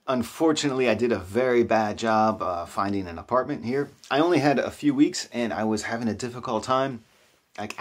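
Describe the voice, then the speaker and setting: A man telling stories in a casual vlog, chatty and self-deprecating, often restarting his sentences. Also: fairly low pitch. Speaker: vlogger. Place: new apartment.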